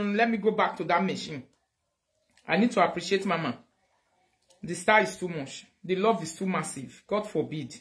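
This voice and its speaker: A woman with a Nigerian Pidgin English accent hosting a casual livestream, animated, thanking viewers loudly and switching into Pidgin. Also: fairly low pitch, normal speed. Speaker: livestream host.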